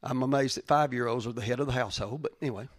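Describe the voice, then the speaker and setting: A middle-aged male pastor preaching a sermon, dropping to quiet, hushed lines and then rising to loud, fervent preaching. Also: mid-range voice, racing, dry recording, studio quality.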